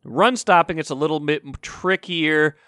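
A man hosting a sports talk show, asking his guest questions and then reading out statistics in a plain, steady way. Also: a little high, a little slow, clean tone, dry recording, studio quality.

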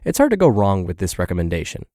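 A man's voice: deep voice, huge pitch swings, fast, mellow, dry recording. A man narrating a health podcast, reading a fitness blog post aloud with dry humor.

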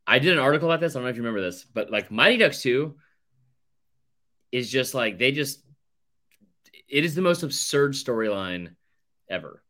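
A man co-hosting a casual podcast, ranking films with strong, animated opinions. His voice is bright and forceful, with plenty of swearing. He jumps into big outbursts of disbelief. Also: mid-range voice, moderate pace, pauses often. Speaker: podcast co-host. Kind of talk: casual chat.

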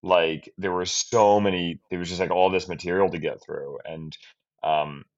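Deep gravelly man, halting and candid. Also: fairly even intonation. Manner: halting, restarts often, trails off quietly. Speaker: film director guest. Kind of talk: candid reflective interview talk. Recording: dull lo-fi sound.

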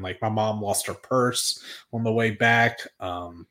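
Podcast guest co-host, male, thirties, rambling and casual, low-pitched. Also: steady tone, a little slow, few pauses, fairly bright tone. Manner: rambling storyteller, many fillers and restarts.

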